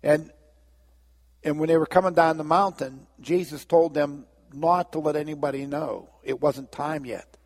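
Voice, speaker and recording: A man preaching a sermon as pastor, telling a story and acting out the characters' lines in lively voices. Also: on the high side, moderate pace, big-room sound. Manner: storytelling, acts out biblical dialogue with lively voices.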